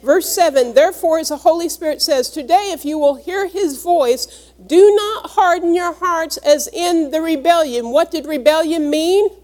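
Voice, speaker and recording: Woman, preacher, high-pitched, earnest, reads scripture and explains it. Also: moderate pace, a little mellow. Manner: earnest, teaching, explains each word. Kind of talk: sermon with scripture reading.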